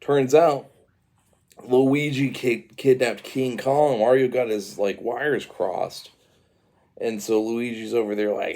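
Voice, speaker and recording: A man's voice: medium pitch, steady tone, slow pace, a little mellow. A man telling his baby a rambling, improvised story, full of fillers and asides.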